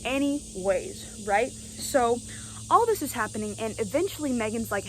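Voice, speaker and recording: A young woman telling a story to camera in a casual, animated way, often checking in with "right?". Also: a little high, moderate pace, slight background noise, rough recording. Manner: animated, keeps asking "right?". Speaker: vlogger.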